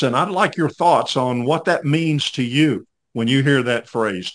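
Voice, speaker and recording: A man's voice: mid-range voice, measured pace, hardly any pauses. An older man hosting a podcast, telling a story in a folksy, rambling way with many fillers. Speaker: podcast host. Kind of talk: casual storytelling interview.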